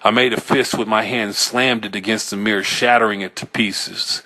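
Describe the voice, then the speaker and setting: A man reading a first-person horror story aloud, in a tense, halting way with small self-corrections. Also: on the low side, pushed and bright. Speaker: audiobook reader.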